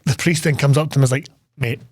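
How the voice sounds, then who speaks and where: A man's voice: medium pitch, fairly even intonation, very fast, a little mellow, no room sound. A young Scottish man co-hosting a podcast, recapping a film in casual chat, joking, swearing freely and laughing often. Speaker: podcast co-host.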